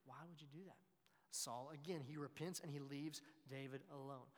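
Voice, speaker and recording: A man's voice: medium pitch, moderate pace. Man, sermon, emphatic scripture retelling, long hall echo. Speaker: preacher.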